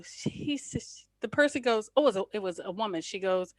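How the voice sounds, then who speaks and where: A woman's voice: mid-range voice, brisk, few pauses, no room sound. A middle-aged woman from New Jersey hosting a casual chat, telling stories and laughing often. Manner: laughs often, animated storytelling. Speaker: podcast host.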